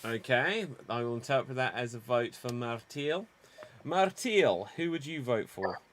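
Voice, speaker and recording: Improv host guy, big announcer delivery, mid-pitched voice, running the votes. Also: animated, measured pace, fairly bright tone, slight background noise. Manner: theatrical, announcing rules and votes. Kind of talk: hosting a live improv game.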